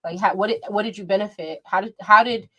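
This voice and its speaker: A woman's voice: mid-range voice, fast, sharp tone. A woman hosting a livestream, reacting to a video with brash, profane and theatrical outrage. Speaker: livestream commentary host.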